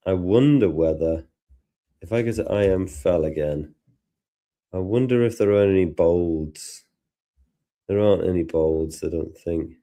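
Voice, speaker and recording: Slow, low-voiced Liverpool man. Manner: relaxed, self-deprecating, laughs easily. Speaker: tutor presenting a live lesson. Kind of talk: casual live tutorial chat.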